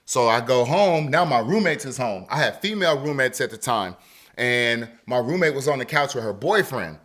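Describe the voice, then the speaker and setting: A man's voice: mid-range voice, normal speed. A man hosting a podcast, telling a story in casual chat with lots of swearing and acted-out quotes. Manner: profane, animated, acts out quotes. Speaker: podcast host.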